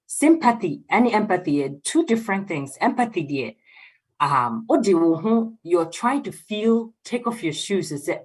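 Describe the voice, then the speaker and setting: A Ghanaian woman speaks on a radio program in a low, slightly husky voice. She switches between English and Twi and gently calls her listener "dear" as she explains. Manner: mixes English and Twi, warm address with "dear". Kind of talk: explaining on a call-in radio talk.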